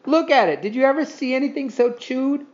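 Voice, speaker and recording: A man's voice: extremely high pitch, expressive, fairly quick, a little mellow, muffled recording, pitched above the performer's own voice. A man reading a storybook, voicing a smug young boy who taunts and jeers. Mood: taunting. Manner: taunting, jeering. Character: teasing boy Scooter, smug and mocking.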